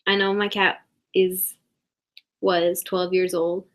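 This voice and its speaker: A woman's voice: fairly low pitch, little pitch movement, slow. Rambling woman doing improv comedy. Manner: rambling, mock-earnest, escalating outrage. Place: indoors at a desk.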